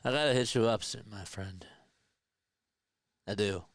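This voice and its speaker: A man hosting a casual live play-by-play stream, chatting with viewers and answering their comments between pitch calls. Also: a little slow, no echo. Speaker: livestream play-by-play host.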